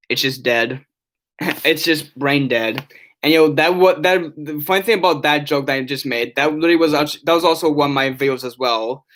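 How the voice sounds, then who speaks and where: A man's voice: mid-range voice, a bit bright. A young man live-streaming from his bedroom, rambling to his chat with many restarts and fillers.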